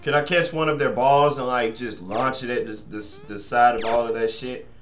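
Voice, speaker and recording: A man's voice: medium pitch, fairly even intonation, moderate pace, fairly bright tone. A young man grumbles and curses through a let's play, rambling on to his viewers as he goes. His voice sits in a middling register and bounces around an echoey room. Faint game music plays underneath. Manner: frustrated, swears a lot, rambles to viewers. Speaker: gaming channel host.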